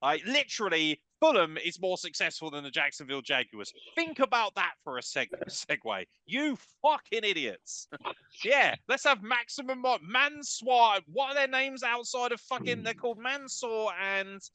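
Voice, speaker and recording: A man's voice: sits high, lively intonation, moderate pace, sharp tone, dry recording. A British man hosting a podcast, ranting in a crude, mocking way with constant swearing and bursts of laughter. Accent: British English. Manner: profane, mocking, breaks into laughter. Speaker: podcast host. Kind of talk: crude comedic rant.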